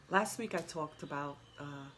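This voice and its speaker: A woman's voice: deep voice, a bit bright, slight background noise. Earnest woman telling a personal story. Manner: earnest, repeats words, restarts often. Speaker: spiritual vlogger.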